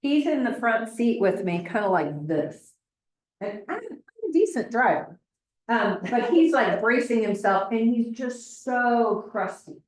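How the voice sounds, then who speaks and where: A woman with a Midwestern American accent teaching a real estate class, telling stories with chatty, animated acted-out quotes. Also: fairly high pitch, measured pace. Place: training classroom. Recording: echoey room.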